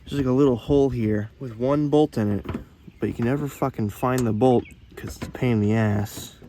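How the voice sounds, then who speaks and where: A man's voice: mid-range voice, fairly even intonation, a little fast, noisy background. A young man filming himself repairing his car outdoors at night, frustrated and swearing as he mutters to himself. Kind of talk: profane self-filmed repair vlog.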